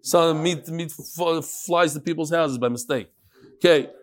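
Rabbi teaching a class: a man with a slightly high voice who tells stories in a lively way and calls out to his students. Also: measured pace. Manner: animated, talks straight to the class. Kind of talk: lively lecture with storytelling.

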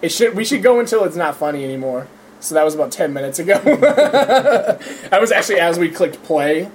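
A young man co-hosting a casual podcast, pitched a bit high as he tells crude stories between bursts of laughter. A steady hiss of noise sits under his voice. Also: fairly quick. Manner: profane, laughing storyteller. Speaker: podcast co-host. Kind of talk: casual podcast banter and storytelling.

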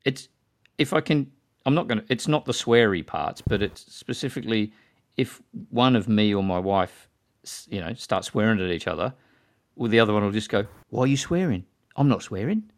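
A man's voice: fairly low pitch, normal speed. A man hosting a casual podcast chat, chatty and prone to quoting films. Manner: chatty, quotes films in put-on voices. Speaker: podcast host.

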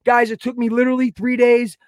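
This man hosts a podcast and speaks in a notably high voice. He rambles through long stories and acts out the people and sounds in them. The sound is dry and close. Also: brisk, clean tone, no echo. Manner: animated, acts out quoted voices and sound effects. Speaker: podcast host. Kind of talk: casual podcast storytelling.

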